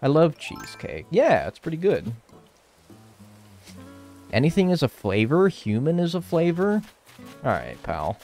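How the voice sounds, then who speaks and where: Young American male gaming streamer; bouncy, expressive delivery, casual swearing, cheeky banter. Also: a little high, measured pace, long pauses, soft background music. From United States. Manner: animated, swears casually, playful banter and mock arguing. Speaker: game streamer. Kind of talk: casual chat while gaming, answering chat.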